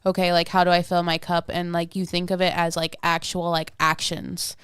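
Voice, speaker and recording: A woman's voice: on the low side, flat delivery, moderate pace, a bit bright, smooth, dry recording, clean studio sound. A woman co-hosting a podcast, chatting reflectively with plenty of "like". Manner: reflective, interjects, fills with "like". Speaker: podcast co-host, mom. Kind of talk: casual chat.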